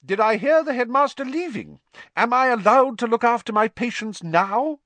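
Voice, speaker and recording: A man's voice: very high voice, expressive, moderate pace, sharp tone, dry recording, pitched above the performer's own voice, exaggerated voice. A man voicing a bossy, fussing school matron who is in a bad mood and scolds shrilly. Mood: irritated.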